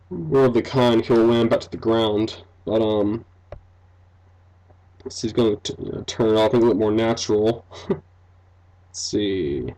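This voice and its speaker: A man's voice: medium pitch, mellow, low-quality recording. A young man giving casual commentary on a game he is building, rambling with many fillers and frequent laughs. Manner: rambling, full of fillers like "um", "like" and "you know"; laughs often, self-deprecating. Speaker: game developer and let's-play commentator.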